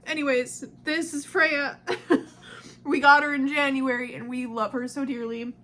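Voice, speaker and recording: A woman's voice: high-pitched, level tone, a little slow, sharp tone, slight background noise. Emotional young woman vlogger. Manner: emotional, laughs and cries easily, swears casually. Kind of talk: casual vlog, talking to her past self.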